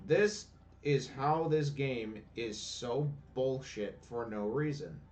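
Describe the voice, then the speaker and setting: A man's voice: medium pitch, lively intonation, slow, a little mellow, distant mic. A man giving casual let's-play commentary, ranting and swearing sarcastically about the game. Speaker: gameplay commentator. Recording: voice a bit off-mic, faint game music.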